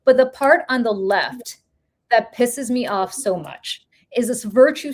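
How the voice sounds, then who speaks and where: Podcast woman, high voice, heated profane rant, hammering rhetorical questions. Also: animated, measured pace, darkish tone. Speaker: podcast co-host. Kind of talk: heated political commentary.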